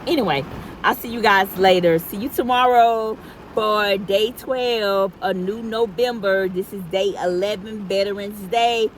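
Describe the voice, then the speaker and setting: A woman's voice: medium pitch, measured pace, slight background noise, poor audio. Woman ranting emphatically in a car. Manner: emphatic, repetitive, preachy. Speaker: vlogger. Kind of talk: casual car rant to camera. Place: inside a parked car in heavy rain.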